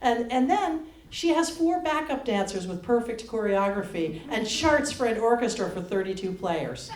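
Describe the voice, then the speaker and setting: A woman cabaret singer chatting with the audience between songs in a public library performance space, telling an animated story with wry questions to the crowd. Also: on the high side, normal speed, far from the mic. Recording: echoey room, loud piano. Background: piano accompaniment.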